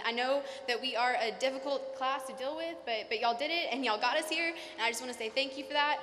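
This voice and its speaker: A young woman gives a graduation speech, nervous and quick, full of "um"s. Her voice is high-pitched and bright, with a long echo from a large hall. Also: slight background noise. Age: young adult. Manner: nervous, fast, many fillers. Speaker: salutatorian giving a graduation speech. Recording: reverberant hall.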